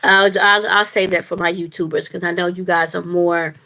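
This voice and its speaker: A woman's voice: fairly low pitch, fairly even intonation, normal speed, creaky, pushed and bright. A woman, a spiritual life coach, talking casually and earnestly to her longtime viewers on a livestream, rambling with fillers and restarts.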